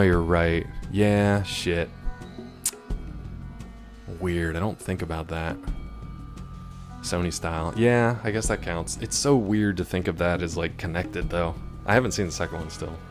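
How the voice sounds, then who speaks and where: Low-voiced guy streaming a game, chatting with chat, bit of music behind. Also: moderate pace, pauses often. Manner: chatty, answers chat, jumps between topics. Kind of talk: casual live-stream chat while gaming.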